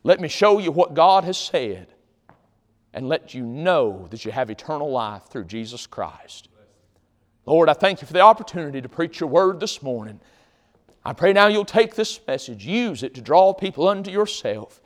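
A male pastor preaching a sermon in a church, swinging from loud shouts to quiet pleading. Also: fairly high pitch, very animated, normal speed, long reverb tail. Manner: impassioned Southern preaching with sudden loud shouts. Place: church sanctuary.

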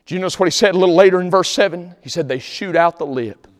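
Man, preacher, emphatic sermon delivery, loud-to-hushed swings, long church reverb. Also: sits high, fast talker.

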